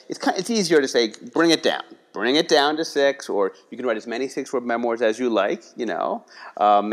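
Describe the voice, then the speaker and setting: A man from the Philadelphia area talking casually in an interview, rambling with many restarts and tags like "you know" and "right". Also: medium pitch. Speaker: guest, writing workshop leader.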